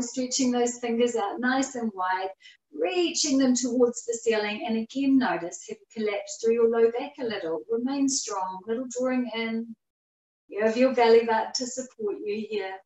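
A woman leads a guided yoga class with a slightly high voice. Her breathing cues come slowly and calmly, with long pauses between them. She sounds some distance from the mic, in an echoey room. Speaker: yoga teacher. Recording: roomy echo, voice far from the mic.

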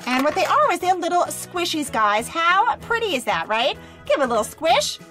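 A young woman hosting a toy unboxing video, gushing with excited, bubbly exclamations. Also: very high voice, normal speed, faint music behind. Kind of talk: upbeat toy unboxing narration.

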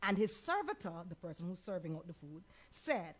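A woman pastor with a Caribbean accent teaching a Bible lesson, animated, asking the audience questions and acting out quoted lines. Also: fairly low pitch, normal speed, few pauses. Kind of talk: sermon-style Bible teaching.

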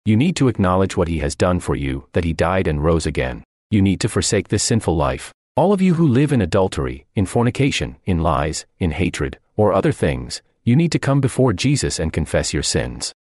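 A man's voice: low-pitched, big pitch swings, a little fast, hardly any pauses, darkish tone, no room sound. A man voicing a translated radio sermon, preaching earnestly and emphatically with repeated phrases, close to the mic.

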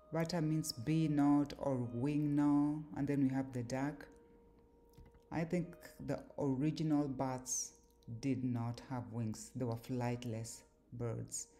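A woman giving a slow, deliberate explanatory lecture on word meanings, pausing often with fillers. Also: low voice, dark tone, slight background noise. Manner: measured, deliberate, with pauses and fillers. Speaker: language teacher.

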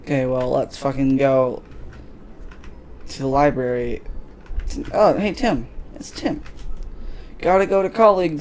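A man's voice: mid-range voice, unhurried, pauses often, a little mellow. A man giving casual, crude gameplay commentary, joking and swearing as he plays. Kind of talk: casual let's play commentary.

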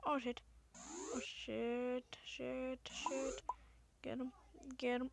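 An excitable woman talks over her game play, exclaiming and swearing as things happen. Her voice sits a little high and she talks at an unhurried, drawn-out pace, with a faint hiss behind her. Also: vocal fry. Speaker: gamer. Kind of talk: let's-play commentary.

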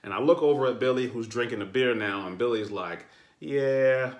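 A man telling the story of his trip in a relaxed, conversational voice-over. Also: lowish voice, fast talker. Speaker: vlogger. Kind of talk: voice-over narration of a travel vlog.

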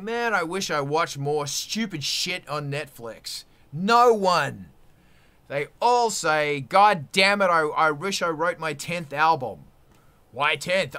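A man with a high, bright and forceful voice, ranting on a live stream. He talks bluntly and swears constantly, fired up about making your own art. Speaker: musician hosting a live stream. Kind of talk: profane casual rant.

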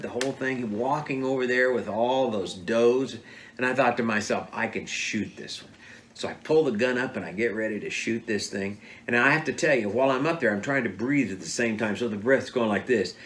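Animated man telling a hunting tale. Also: mid-range voice, normal speed, slight background noise. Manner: animated, acts out quoted dialogue. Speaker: father telling hunting stories. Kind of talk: casual storytelling interview.

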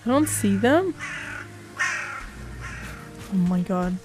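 A gaming channel host with a mid-range, sing-song voice takes her time, casually narrating her own gameplay and talking to herself. She's jumpy and swears along the way, with music playing in the background.

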